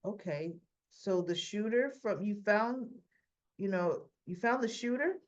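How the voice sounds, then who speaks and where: A woman's voice: mid-range voice, animated, measured pace, natural voice. A woman acting out a nervous, hesitant young male henchman in a dull lo-fi recording. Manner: hesitant and quiet.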